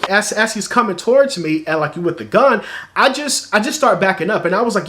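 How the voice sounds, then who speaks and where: A man vlogger telling a personal story to camera in a chatty, animated way, full of "like"s. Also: sits high, fast talker. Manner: animated, chatty, filler-heavy with many "like"s.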